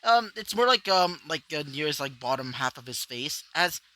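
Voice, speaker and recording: A man's voice: on the high side, very animated, normal speed, pushed and bright, poor audio. A man narrating his own fan story off the cuff, rambling with many fillers. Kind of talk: improvised fanfiction storytelling.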